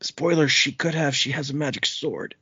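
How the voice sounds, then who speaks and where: A man co-hosting a casual book discussion, animatedly retelling scenes and putting on quick voices for the characters. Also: fairly high pitch, steady tone, sharp tone, slightly rough, no echo. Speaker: podcast co-host. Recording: dull lo-fi audio.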